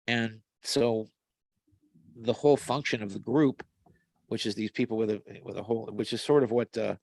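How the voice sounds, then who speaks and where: A man's voice: fairly low pitch, vocal fry, no echo. A man talking casually on a video call, rambling through long stories with many restarts and fillers. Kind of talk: casual conversational storytelling. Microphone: video call mic.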